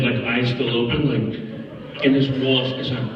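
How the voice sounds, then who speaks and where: A man telling lively anecdotes at a film Q&A, acting out voices and laughing often. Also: medium pitch, measured pace, a crowd in the background. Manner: animated storyteller, acts out quotes, laughs often. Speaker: actor answering audience questions. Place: festival screening hall. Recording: echoey hall from far off, dull audio.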